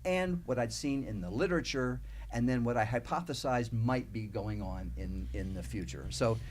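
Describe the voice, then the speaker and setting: A male author on a small-town radio talk show tells a story at an even pace, and his voice sinks low and quiet when he confides. A faint noise hangs behind his voice. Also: normal speed. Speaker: guest author. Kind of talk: casual radio interview.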